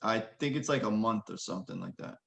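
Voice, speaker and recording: A man in a casual movie review chat, relaxed, explaining plot points and trailing off quietly. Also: fairly low pitch, fast, vocal fry. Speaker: podcast co-host.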